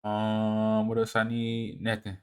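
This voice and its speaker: Man lecturing from slides, halting and emphatic. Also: monotone, clear, resonant tone. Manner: repeats and restarts words, asks "all right?" often; swings from emphatic rises to low muttering asides. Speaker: presenter of a video series. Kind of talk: lecture walking through slides.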